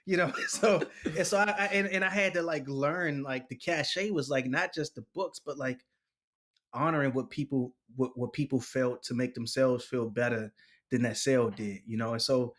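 The interviewee is a poet in his forties whose storytelling is casual and spirited, peppered with slang, impressions of other people, and lots of laughter. His pitch is medium and his pace moderate.

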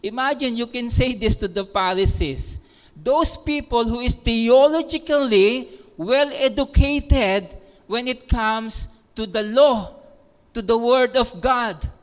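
A man's voice: very high voice, slow. A man preaching a sermon, emphatic and rising to bursts of intensity. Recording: long echoing hall reverb.

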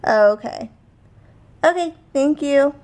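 Young woman, vlogger, casual chat, slightly high voice, argumentative. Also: expressive, darkish tone. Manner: chatty, argumentative, quick back-and-forth.

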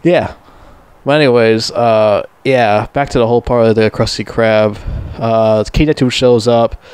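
A man's voice: mid-range voice, steady tone, unhurried, darkish tone, clear, resonant tone, no room sound. A young man ranting casually and profanely as a movie reviewer, rambling and mocking. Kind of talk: casual rant.

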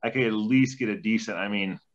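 A man's voice: lowish voice, fairly quick. A man in his forties, a former hockey player, telling rambling, profane anecdotes as a podcast guest. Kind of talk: casual storytelling. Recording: dull lo-fi sound.

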